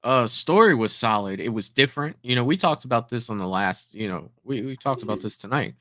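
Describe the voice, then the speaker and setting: A man's voice: mid-range voice, animated, fairly quick, a bit bright, no echo, clean studio sound. A man co-hosting a fan-film review show, speaking in an easygoing casual chat full of hedges. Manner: easygoing, hedging with "you know". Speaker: co-host reviewing fan films.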